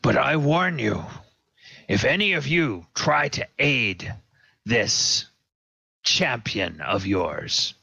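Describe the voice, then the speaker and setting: A man's voice: a little high, sing-song, takes it slowly, creaky, bright, forceful tone, dry recording, muffled recording, pitched above the performer's own voice, heavily acted. A man voicing a menacing dragonborn warlord who sneers his threats and sometimes drops to a hissed whisper. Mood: threatening.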